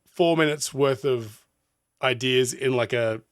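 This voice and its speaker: A man's voice: medium pitch, unhurried, clean tone, dry recording, studio quality. An Australian man, a music producer, chatting casually as he reacts to a song, rambling and laughing often. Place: studio.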